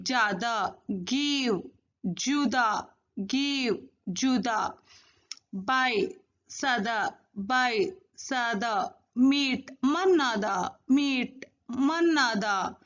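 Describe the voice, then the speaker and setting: A woman teaching a recorded language lesson, saying each new word slowly and repeating it twice. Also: high voice, dull audio.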